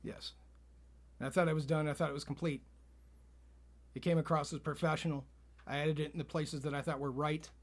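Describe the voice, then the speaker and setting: Deadpan male podcast co-host, fairly high voice, straight-faced storyteller. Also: a little fast, pauses often. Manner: deadpan, spins absurd tall tales with a straight face.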